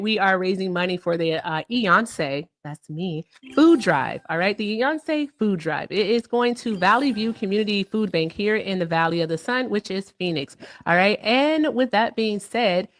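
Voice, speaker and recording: A woman's voice: mid-range voice, a bit bright, no room sound. A woman hosting a casual livestream, chatty and upbeat, who keeps repeating stock phrases and laughs often. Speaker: livestream host.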